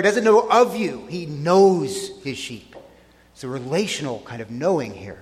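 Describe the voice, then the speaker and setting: A man preaches from the pulpit with a slightly high, earnest voice. He leans hard on key words and draws phrases out slowly for emphasis. His voice rings with the long reverb of a church hall. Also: animated. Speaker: pastor. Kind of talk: sermon.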